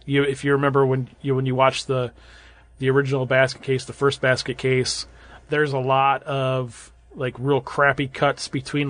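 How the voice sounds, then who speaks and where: A man's voice: medium pitch, a bit bright. A man in his thirties or forties, a podcast co-host reviewing a horror film in a rambling, casual way with lots of fillers and restarts. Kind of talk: casual movie review chat.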